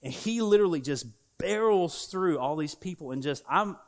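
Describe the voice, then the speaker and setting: Man, young adult pastor, animated storytelling sermon, fairly high voice. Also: normal speed. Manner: animated, laughs at himself, acts out voices in his stories.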